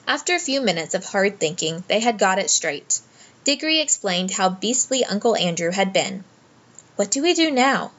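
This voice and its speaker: Woman narrator reading a storybook gently. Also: mid-range voice, lively intonation, normal speed, muffled recording. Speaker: audiobook narrator.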